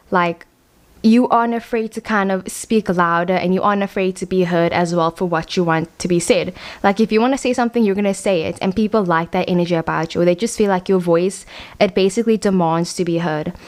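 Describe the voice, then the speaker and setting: A woman's voice: mid-range voice, a little mellow. Chatty woman giving a tarot reading. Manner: chatty and rambling, many "like" fillers. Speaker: tarot card reader. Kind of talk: casual pick-a-card tarot reading to camera.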